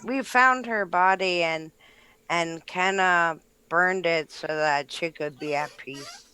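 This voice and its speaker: A man's voice: a little high, takes it slowly, pushed and bright, clean tone. A man playing a tabletop game, earnest in his questions. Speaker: player. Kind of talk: casual tabletop play.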